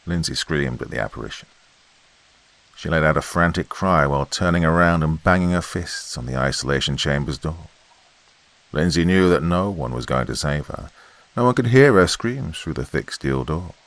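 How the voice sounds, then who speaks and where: Extremely deep, gravelly horror narrator. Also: male voice, a bit bright. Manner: dramatic, measured.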